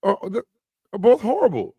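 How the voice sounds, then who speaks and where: A man's voice: sits high, sing-song, brisk, slightly rough, no echo, phone-quality sound. A man co-hosting a sports podcast, arguing football points emphatically in casual debate. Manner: emphatic, argumentative football fan.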